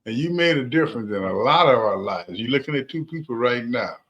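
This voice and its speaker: A man's voice: mid-range voice, animated, brisk, fairly bright tone, muffled recording. Joking, praising man co-hosting. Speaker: co-host, former football player. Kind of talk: casual studio chat.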